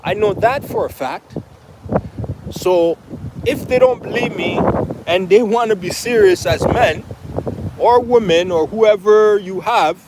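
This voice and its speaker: A man with a high-pitched voice delivers a rambling unscripted monologue to his viewers. He talks emphatically, repeats himself, and keeps asking rhetorical questions, with faint noise in the background. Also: measured pace. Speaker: vlogger.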